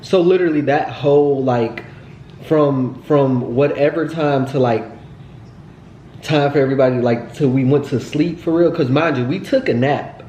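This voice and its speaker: A man's voice: medium pitch, normal speed, mellow, a little hiss or hum. Heated storytelling man in an echoey room. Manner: heated, profane retelling with lots of fillers. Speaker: storytime vlogger. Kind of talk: casual storytelling to viewers.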